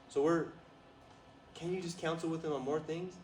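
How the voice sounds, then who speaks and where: A man telling a story at a retreat, animated, laughing often and asking the listeners questions. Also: medium pitch, fast. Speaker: guest speaker at a retreat. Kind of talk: storytelling talk to an audience. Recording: roomy, distant, faint noise.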